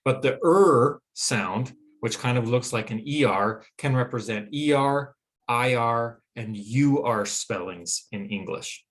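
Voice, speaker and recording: A man with a Western American accent gives a phonetics lecture. His voice sits at an ordinary middle pitch. He explains patiently and stretches out each vowel he demonstrates. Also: takes it slowly. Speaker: teacher.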